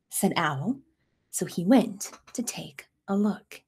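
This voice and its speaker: A woman's voice: medium pitch, big pitch swings, takes it slowly, darkish tone, slight background noise. A young woman reading a picture book aloud to children, stopping to ask them questions about the pictures. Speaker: school staff reader. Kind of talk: children's storytime read-aloud.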